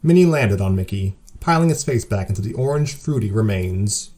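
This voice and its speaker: Lively man narrating with dry jokes. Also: lowish voice, normal speed. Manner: dry self-mocking jokes. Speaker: host and narrator. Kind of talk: scripted story narration.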